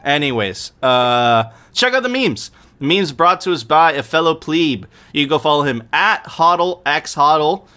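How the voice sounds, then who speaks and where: A man hosting a live stream, chatting casually with profanity and frequent laughter. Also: fairly high pitch. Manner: profane, laughing, animated ranting. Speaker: podcast host.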